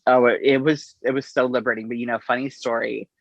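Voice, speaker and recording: A middle-aged man, an interview guest, telling his story in an unhurried, halting way and acting out the exchanges he quotes. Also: mid-range voice, little pitch movement, vocal fry, no echo. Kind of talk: conversational storytelling. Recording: dull, slightly lo-fi audio.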